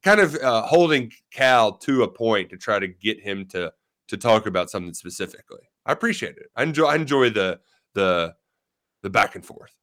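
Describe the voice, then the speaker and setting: A man's voice: fairly low pitch, moderate pace. A man co-hosting a sports talk show as a beat reporter, rambling with many fillers. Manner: rambling, many fillers, animated when retelling exchanges.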